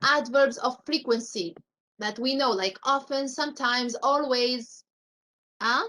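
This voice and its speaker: High-voiced woman teaching English grammar. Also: measured pace, pushed and bright, a little hiss or hum, rough recording. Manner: explains step by step with examples and questions to the class. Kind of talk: live online grammar class.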